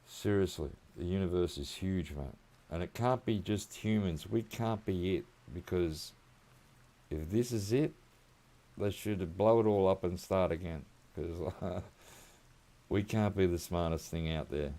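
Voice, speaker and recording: Deep gravelly Australian man rambling. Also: unhurried, warm tone. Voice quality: laid-back rambling, chuckling often, slang like mate and reckon. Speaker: gaming streamer. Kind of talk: casual gameplay chat.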